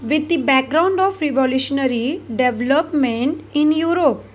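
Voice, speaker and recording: A woman with an Indian English accent, a school history teacher, reading textbook passages aloud slowly and carefully in a recorded lesson. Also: sits high.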